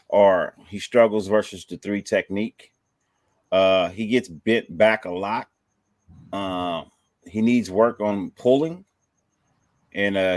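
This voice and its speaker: A relaxed man with a fairly low voice talks through his picks in easy slang, shouting out viewers by name. The sound is close and dry, with no room around him. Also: no room sound. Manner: laid-back, slangy, reads viewer comments. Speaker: fan show host. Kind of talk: casual sports chat.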